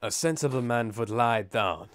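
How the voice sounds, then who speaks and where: A man's voice: mid-range voice, normal speed, fairly bright tone, dry recording, lightly acted. A man voicing a sneering male villain with a skull face, in a shaky put-on German accent that slides toward Spanish. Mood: menacing. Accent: put-on German drifting toward Spanish. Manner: cold, menacing threats.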